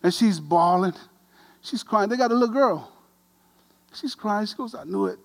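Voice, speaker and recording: A middle-aged man preaching, an animated, self-deprecating storyteller who grows quiet and earnest. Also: high-pitched, normal speed. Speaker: pastor. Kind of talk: sermon storytelling.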